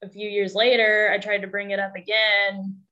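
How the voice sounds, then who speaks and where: A woman's voice: medium pitch, flat delivery, moderate pace, bright, forceful tone. A young woman telling a personal story as a guest, candid and rambling, with self-deprecating humor. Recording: dull lo-fi sound.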